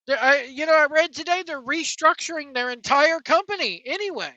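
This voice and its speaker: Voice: high voice, animated, a little fast, sharp tone, no echo, lo-fi sound. A wrestling vlogger delivering a sarcastic, profane rant to viewers. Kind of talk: ranting commentary to camera.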